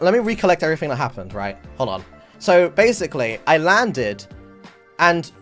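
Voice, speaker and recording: A man streaming, telling a story in casual chat, animated and swearing often, acting out the people in it. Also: on the high side. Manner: animated, swears a lot, acts out voices in the story.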